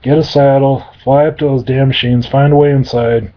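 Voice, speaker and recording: A man's voice: medium pitch, steady tone, moderate pace, lightly acted. A man putting on a crude, impatient demon. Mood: gruff impatient. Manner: blunt, profane, dismissive. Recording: dull lo-fi recording.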